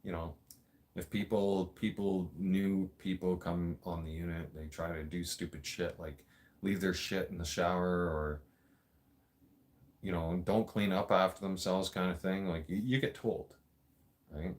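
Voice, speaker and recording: Deep-voiced man telling blunt stories. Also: fairly even intonation, measured pace. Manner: blunt, profanity-heavy, laughs often. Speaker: podcast host. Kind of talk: casual storytelling.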